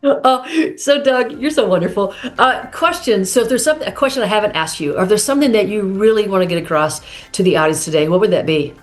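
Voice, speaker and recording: A woman's voice: mid-range voice, lively intonation, quick pace, hardly any pauses, soft background music. A middle-aged woman hosting an interview podcast, effusive and inspirational in tone. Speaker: podcast host. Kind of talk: casual interview chat.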